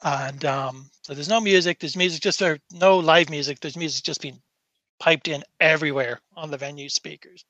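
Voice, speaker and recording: Bright-voiced man running a tabletop game. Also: a little high, moderate pace, dry recording. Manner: rambling, with many fillers and restarts. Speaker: game master.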